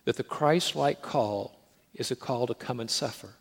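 A male pastor delivers a sermon in a gravelly voice of middling pitch. His delivery swings from forceful, rising proclamations to low, quiet retelling, with frequent repetition for emphasis. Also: normal speed. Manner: swings from loud emphatic preaching to hushed storytelling.

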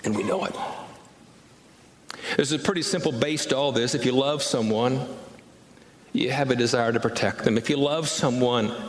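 A man's voice: medium pitch, moderate pace, long pauses, slight background noise. A man preaching a sermon as a pastor, earnest and pressing, often repeating lines and asking rhetorical questions. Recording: echoey church hall, reverb.

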